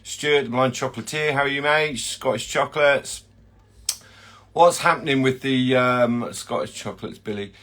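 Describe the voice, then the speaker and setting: A man's voice: medium pitch, normal speed, a bit bright. A man hosting a casual livestream chat, greeting viewers by name in a chatty way with plenty of fillers. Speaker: host of a chocolatier livestream.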